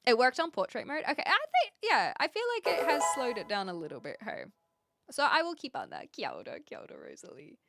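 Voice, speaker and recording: A woman's voice: high-pitched, huge pitch swings, brisk, gravelly, sharp tone. A woman live streamer chatting casually with her viewers, thinking aloud and laughing often. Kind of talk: casual live-stream chat, reading chat messages.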